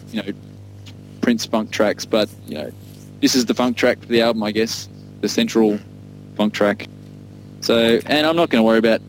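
A man's voice: medium pitch, slight background noise, rough recording. Enthusiastic rambling man. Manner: enthusiastic, rambling, laughs often. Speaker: podcast co-host discussing an album. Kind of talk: casual music chat.

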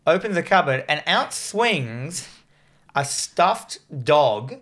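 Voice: mid-range voice, sing-song, takes it slowly, fairly bright tone. A podcast co-host chatting casually and enthusiastically about a film, often jumping in on the other host. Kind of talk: casual film recap chat.

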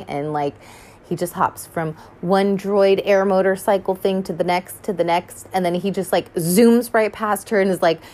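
A young woman chatting casually as she reacts to an animated film, rambling with lots of fillers and frequent swearing, sounding tired. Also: fairly low pitch. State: tired and yawning. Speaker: first-time viewer reacting to an animated film.

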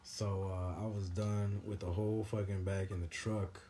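A young man in casual podcast chat, rambling through animated, profane stories. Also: fairly low pitch, moderate pace, slight background noise. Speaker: podcast host.

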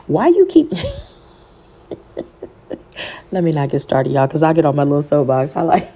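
A woman's voice: low voice, warm tone, breathy edge. A woman podcast host telling an emotional, faith-filled personal story, talking to listeners as y'all and quoting scripture in a sermon cadence.

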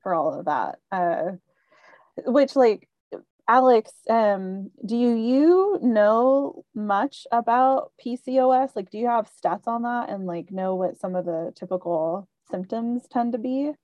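Woman host, slow and sympathetic, dry, dull audio. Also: fairly high pitch, lively intonation, darkish tone, dry recording. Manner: slow, sympathetic, asks questions. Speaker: podcast host. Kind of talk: casual podcast chat.

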